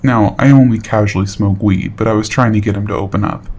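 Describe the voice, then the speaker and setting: A man reading a horror story aloud in steady, matter-of-fact scripted narration. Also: fairly low pitch, fast talker.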